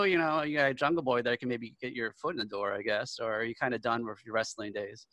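An upbeat male podcast host chatting casually with his guests. His voice is bright and forward, and his pitch sits in a middle range. He trips into restarts and fillers as his enthusiasm runs ahead of him. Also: steady tone, fast, hardly any pauses, no room sound, poor audio. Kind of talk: casual interview.

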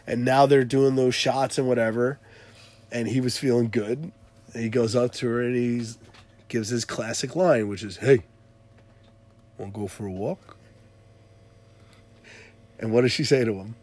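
A man casually recounting a funny party story to a friend, animated and laughing as he tells it. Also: mid-range voice, normal speed. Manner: animated, laughing retelling with quoted voices. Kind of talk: casual chat.

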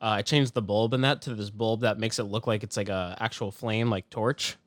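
A man's voice: fairly low pitch, fairly even intonation, fairly quick, no echo, clean studio sound. A man co-hosting a movie-review podcast in casual chat, rambling with many fillers and chuckles. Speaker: podcast co-host.

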